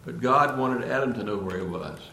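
A man's voice: medium pitch, lively intonation, a little fast, gravelly, sharp tone, a little hiss or hum. A man preaching a sermon with earnest emphasis, often repeating and restarting phrases before building to emphatic points. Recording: echoey room.

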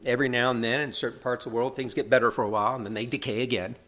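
A man's voice: mid-range voice, steady tone, very fast, fairly bright tone. A middle-aged man preaching a sermon in an earnest, conversational way, often checking in with tag questions.

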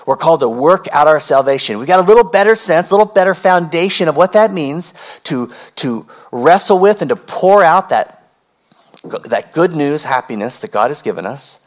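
Man, pastor, sermon, fairly high voice, earnest, emphatic, repeats key phrases, uneven pace. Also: lively intonation, normal speed.

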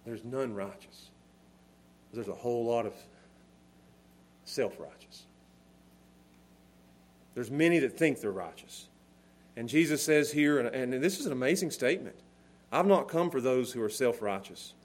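A man preaching a sermon with passion, dropping to a hush and then rising to shouts. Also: medium pitch, expressive, normal speed, pauses often. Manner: impassioned, swinging from hushed to shouting.

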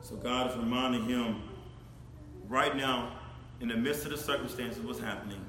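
A man preaching a sermon, speaking straight to his congregation, swinging from shouted emphasis to low, quiet asides. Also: normal speed, pauses often, a little hiss or hum. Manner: animated, addresses congregation directly, rises to shouts then drops low. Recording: echoey hall with faint ambience.

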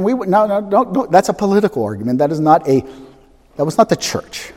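A man preaching a sermon, emphatic and animated, swinging from loud to soft. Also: on the high side, fast talker. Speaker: pastor. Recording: long hall reverb.

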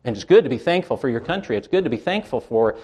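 A man from Canada preaching a sermon from the pulpit, slow and emphatic, with wide swings in pitch and loudness. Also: sing-song, slightly rough. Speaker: pastor.

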